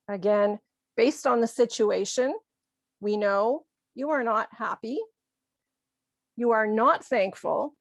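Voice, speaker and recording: A woman teaching an English lesson, explaining slowly and clearly and acting out short example lines. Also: medium pitch, dry recording, studio quality. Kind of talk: scripted ESL lesson.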